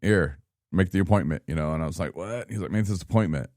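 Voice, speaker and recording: A man in his thirties from Michigan, telling his own story in a casual, animated podcast chat and acting out what people said. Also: deep voice, fast talker, no room sound, clean studio sound. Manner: animated, laughing, acts out quoted people. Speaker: podcast guest.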